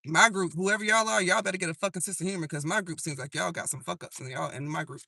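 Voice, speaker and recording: A man's voice: sits high, quick pace, gravelly, sharp tone, no echo. A man giving a live tarot reading to his audience, casual and profane, laughing at his own jokes as he talks through the cards. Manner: breaks into singing old songs. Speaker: tarot reader.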